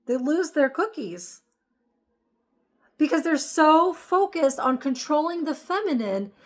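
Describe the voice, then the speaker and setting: A woman giving an emphatic, repetitive spiritual monologue as host of her channel. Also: on the high side.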